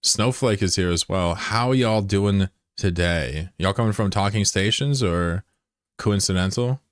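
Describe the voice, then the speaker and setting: A man with a low voice streams a game and chats casually with his viewers. He is laid-back and profane, and he drags his words out slowly when he admires something. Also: dry recording, clean studio sound. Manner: laid-back, profane, answers chat aloud. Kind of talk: casual livestream chat.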